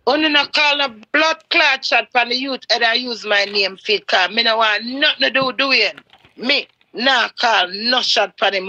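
Gravelly Jamaican woman ranting. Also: low-quality recording. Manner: ranting, swearing, swings between low mutters and shouting. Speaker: live stream host. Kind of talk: heated live-stream rant.

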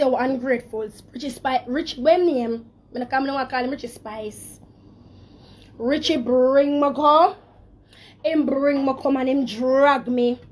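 A woman with a Jamaican accent talking emotionally on a live stream, speaking in patois. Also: high-pitched.

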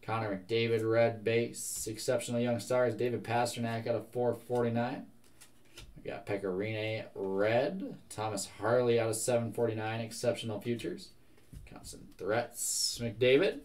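A young man running a live card break, rattling off trading cards at a steady clip. His voice sits at an ordinary middle pitch, and he keeps the talk relaxed and chatty between the cards. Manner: brisk, reads out card after card.

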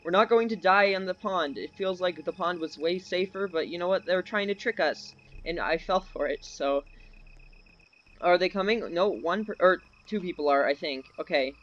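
Brief: high-pitched male gaming host, skittish horror-game commentary. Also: moderate pace, fairly bright tone, lo-fi sound. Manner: jumpy, easily scared, nervous laughs. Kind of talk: live commentary while playing.

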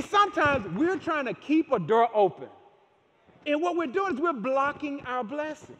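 A man's voice: very high-pitched, a bit bright. A man pastor preaching a sermon in a church, speaking emphatically and repeating key phrases for emphasis. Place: church sanctuary. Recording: long reverb in a large church hall.

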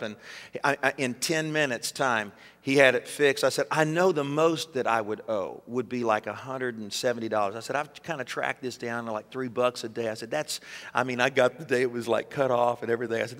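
A middle-aged man with a Southern US accent, a pastor telling a story in a sermon, conversational and animated, leading the congregation in call-and-response. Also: mid-range voice, fairly quick. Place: church sanctuary. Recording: long church reverb.

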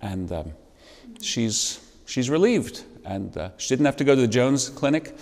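A man's voice: medium pitch, big pitch swings, unhurried, a little mellow. Wry male Bible teacher in a reverberant church space. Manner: conversational, wry asides with chuckles, asks the class questions. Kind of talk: adult education lecture. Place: church classroom.

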